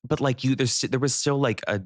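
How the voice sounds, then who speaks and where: A young man co-hosting a podcast, telling a story in a relaxed, rambling way with lots of fillers. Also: mid-range voice, a little fast, no room sound, studio quality. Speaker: podcast co-host. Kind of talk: casual chat, storytelling.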